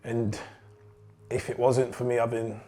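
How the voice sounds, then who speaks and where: A young man with a Yorkshire accent telling a personal story in a candid, halting way and swearing freely. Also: mid-range voice, level tone, dark tone, faint music behind.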